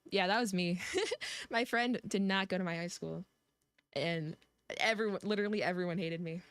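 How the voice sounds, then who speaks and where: A woman's voice: lowish voice, normal speed, clear, resonant tone, no echo. Chatty woman streamer, dry close mic. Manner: rambling, chatty, with frequent restarts. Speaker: game streamer. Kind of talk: casual gameplay commentary.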